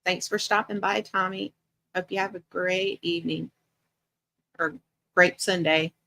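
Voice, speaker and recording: A woman's voice: lowish voice, fairly even intonation, unhurried, vocal fry, pushed and bright. A middle-aged woman hosting a casual livestream chat, greeting viewers by name and laughing often as she talks. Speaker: livestream host.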